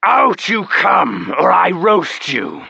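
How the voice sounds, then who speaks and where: A man's voice: on the low side, lively intonation, pushed and bright, no room sound, highs cut off, voice pushed down, heavily acted. A man voicing a menacing tentacle-faced dragon with a wet, slithery, many-voiced sound in a storybook reading. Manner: slow, gravelly threats.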